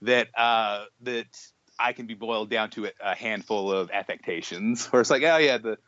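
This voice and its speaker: A young man co-hosting a podcast, telling an animated story in casual chat, full of restarts and acted-out quotes. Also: lowish voice, normal speed, dry recording, muffled recording. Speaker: podcast co-host.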